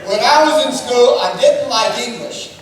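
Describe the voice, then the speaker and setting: High-voiced comic man in echoey hall. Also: moderate pace, crowd noise. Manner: animated, drawls lines, bursts into shouted sound effects. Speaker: comedic speaker on stage. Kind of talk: stand-up comedy routine. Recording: echoey hall from far off, noisy. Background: audience laughter.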